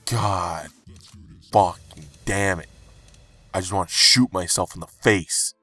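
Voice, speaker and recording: A young man commenting as he opens game cases, frustrated and pleading, breaking into high outbursts. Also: takes it slowly, pushed and bright. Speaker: gaming YouTuber. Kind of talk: game case-opening commentary.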